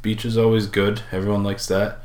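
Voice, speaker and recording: A man's voice: lowish voice, level tone, brisk, a little mellow. A middle-aged man from Minnesota co-hosting a casual live-stream chat, joking and laughing often. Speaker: podcast co-host. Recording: echoey room.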